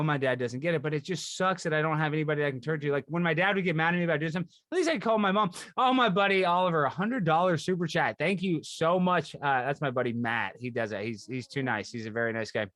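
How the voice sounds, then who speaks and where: Fast, high-pitched rambling man. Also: no room sound, clean studio sound. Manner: rambling, restarts often, fast excitable talk. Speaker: podcast host. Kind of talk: casual podcast chat.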